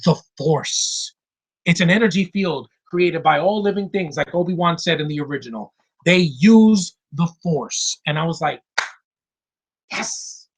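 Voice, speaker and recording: A man reviews films in an excited, ranting monologue. His voice is husky and sits a little high, and he swears freely and acts out bits of dialogue. He swings between loud outbursts and quieter grumbling. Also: normal speed. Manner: excited, animated, swears, acts out film lines. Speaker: film reviewer.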